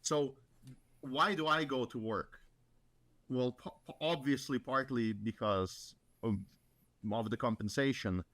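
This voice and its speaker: Halting mid-pitched man, dry close sound. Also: a bit bright, no room sound. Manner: measured, halting, repeats words while he thinks. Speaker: guest. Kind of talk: casual chat.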